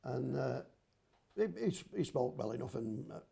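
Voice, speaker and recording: Older man, rough gravelly voice, mellow tone, homely rambling storyteller. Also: medium pitch, lively intonation, normal speed. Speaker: podcast guest, grandfather. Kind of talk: casual chat, storytelling.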